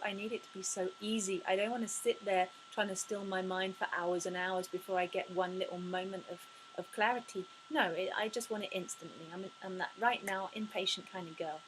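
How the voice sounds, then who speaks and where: A woman speaking as a spiritual life coach in an inspirational talk to camera, effusive and expressive, often sighing and gasping as she speaks. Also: medium pitch, a little fast, a little hiss or hum, poor audio. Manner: effusive and expressive, with frequent sighs and gasps.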